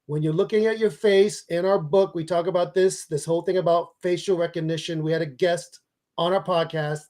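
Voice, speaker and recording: A man who is a public speaking expert and author, giving emphatic, energetic advice in an interview. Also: fairly high pitch, fairly quick. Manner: energetic, emphatic coaching delivery.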